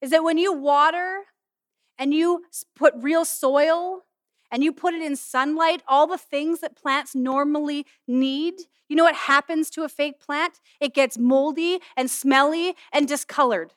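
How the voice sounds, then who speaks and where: A middle-aged woman pastor giving an animated, humorous sermon in a conversational way. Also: high voice, a little slow, no room sound, clean studio sound. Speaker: pastor and student chapel speaker. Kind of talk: sermon with object lesson.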